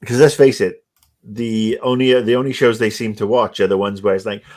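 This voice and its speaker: A man's voice: on the low side, fairly even intonation, fairly quick, a little mellow. Sarcastic rambling male podcast host. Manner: rambling, sarcastic, swears freely, many fillers. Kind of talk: casual podcast discussion.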